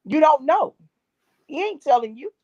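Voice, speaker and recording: Very animated and high-pitched, with a slightly mellow tone and a moderate pace, this middle-aged woman gives her faith testimony as an interview guest. The gospel singer and drummer preaches emphatically, repeating key phrases, and the recording is dull, dry and lo-fi.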